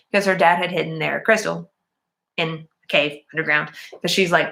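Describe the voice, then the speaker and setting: A woman's voice: lowish voice, moderate pace, creaky, a bit bright. A woman casually recapping and reviewing a movie in a chatty, rambling way, full of "like" and "um".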